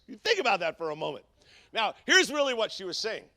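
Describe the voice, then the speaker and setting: High, bright-voiced pastor preaching. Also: male voice, fast, no echo. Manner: storytelling, animated and humorous. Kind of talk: sermon.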